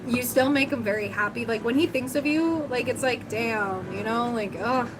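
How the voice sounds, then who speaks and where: A woman's voice: on the high side, normal speed, low-quality recording. A woman giving a livestream tarot reading, talking casually and thinking aloud with lots of fillers. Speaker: tarot reader. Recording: music playing under the voice.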